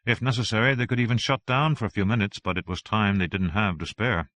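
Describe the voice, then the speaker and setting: A man reads an audiobook aloud in a steady, even-toned way. His voice sits low, and the sound is dry and close, with no room around it. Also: quick pace, no room sound. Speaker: audiobook narrator. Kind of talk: audiobook reading.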